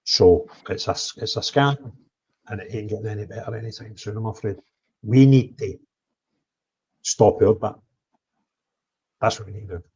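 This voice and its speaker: A man telling of his travels in an animated livestream chat, blunt, swinging between loud outbursts and low mutters. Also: normal speed, pauses often, slightly rough. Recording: dull lo-fi stream audio.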